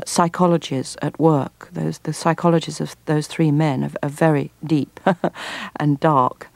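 A middle-aged woman from England, an actress answering interview questions thoughtfully, pausing and restarting as she searches for words. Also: low-pitched, dark tone, dry recording. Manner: thoughtful, frequent restarts and pauses. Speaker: actor, guest.

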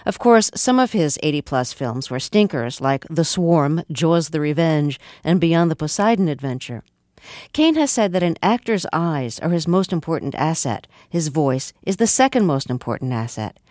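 Measured radio interviewer, dry sound. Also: medium pitch, very animated, a little mellow, dry recording. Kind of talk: scripted introduction and interview questions.

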